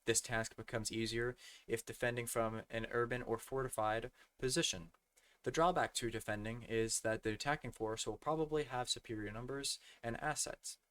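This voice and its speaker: This gaming community tutorial presenter, a young man, keeps tripping on words and fixing them as he reads slides for a gaming tutorial. His voice is mid-range, steady and slightly bright at a normal pace, but it is a bit worn because he is losing it.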